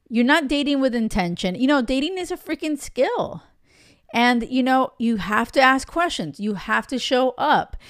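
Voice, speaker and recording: A woman's voice: a little high, no room sound, clean studio sound. A woman dating coach talking straight to listeners in a podcast monologue, giving tough-love advice with casual swearing.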